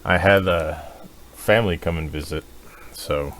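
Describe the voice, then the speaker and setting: A man co-hosting a podcast, telling a crude, animated story with lots of swearing and laughing. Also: low voice, unhurried, slight background noise. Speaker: podcast co-host. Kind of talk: casual chat.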